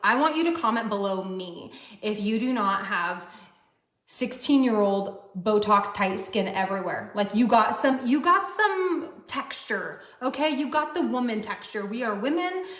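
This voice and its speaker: A woman gushes over beauty products to her viewers, piling on fillers and exclamations. Her voice sits a little high. The room around her is echoey. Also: lively intonation, a little slow, fairly bright tone. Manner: gushing, lots of "like" and "oh my gosh". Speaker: MLM seller. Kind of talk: excited product chat to camera. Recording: roomy echo.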